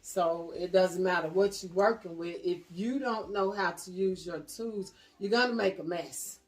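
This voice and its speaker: A woman's voice: fairly low pitch, normal speed, far from the mic. A woman in a casual panel discussion, earnestly repeating and driving home her point.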